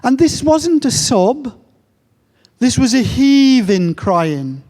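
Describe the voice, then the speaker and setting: A middle-aged man slowly telling a moving story at a gathering, with long pauses. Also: very high-pitched, sing-song, a little mellow. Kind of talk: slow, reflective storytelling talk.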